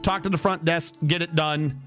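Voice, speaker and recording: A man's voice: on the high side, moderate pace, soft background music, voice pushed down, close to an everyday voice. A man doing a curt, grumpy dental hygienist woman. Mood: curt, scolding. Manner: blunt, flat and scolding.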